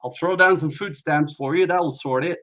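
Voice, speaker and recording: A man doing a brisk offhand social worker woman. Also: fairly high pitch, fairly bright tone, voice pushed up, lightly acted.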